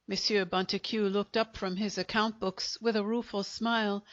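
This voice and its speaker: A woman reading a short story aloud as an audiobook narrator, in a measured storytelling manner. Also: mid-range voice, steady tone. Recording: dull, lo-fi audiobook recording.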